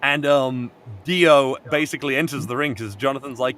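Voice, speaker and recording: Rambling, animated young man on a call. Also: medium pitch, a little fast, few pauses. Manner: rambling and animated, with many fillers and restarts; swears casually. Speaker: stream co-host. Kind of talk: casual chat retelling an anime plot.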